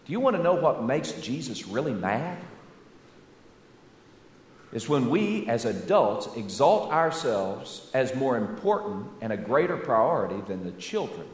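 Animated Southern preacher in an echoey church. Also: male voice, mid-range voice, measured pace. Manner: animated, rhetorical questions, folksy. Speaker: pastor. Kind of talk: sermon.

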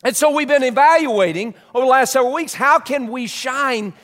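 A man preaching a sermon as pastor, animated and emphatic, often repeating words as he builds a point. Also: very high-pitched, a little fast, long reverb tail.

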